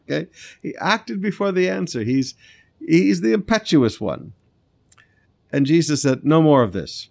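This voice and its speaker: A man, a pastor reading scripture and preaching in a conversational way, with lively asides and soft, earnest appeals. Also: on the high side, vocal fry.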